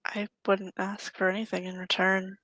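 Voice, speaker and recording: A woman's voice: mid-range voice, little pitch movement, normal speed, fairly bright tone, a little hiss or hum, low-quality recording. A woman playing a tabletop role-playing game, speaking politely and explaining in character. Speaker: tabletop role-play player.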